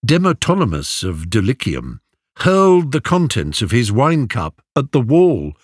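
A man narrating an audiobook in a measured, expressive reading, recorded close. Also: fairly low pitch, no echo. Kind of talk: audiobook storytelling.

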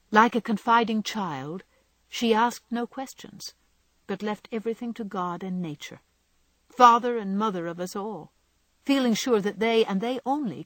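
A woman narrating a novel in a gentle, measured reading style. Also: mid-range voice, no room sound. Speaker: audiobook narrator.

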